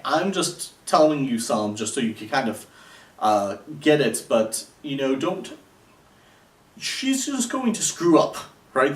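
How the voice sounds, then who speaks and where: A man giving casual dating advice in a sarcastic, rambling way, with many fillers. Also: medium pitch. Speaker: dating coach. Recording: echoey room, voice a bit far from the mic.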